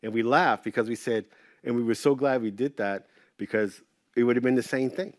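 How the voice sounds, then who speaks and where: Animated middle-aged man telling stories. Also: medium pitch, fairly quick, no room sound, clean studio sound. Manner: animated, swears freely, acts out quotes. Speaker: interview guest. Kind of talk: casual storytelling.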